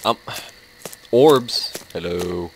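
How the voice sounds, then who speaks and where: A man's voice: sits low, expressive, very slow, slight background noise, rough recording. A man giving sarcastic, jumpy commentary on a horror game, yelping and laughing at the scares. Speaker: let's play host.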